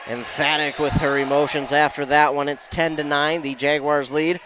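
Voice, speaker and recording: A man giving excitable play-by-play commentary on a high school volleyball match, shouting on big plays. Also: moderate pace, few pauses, slight background noise.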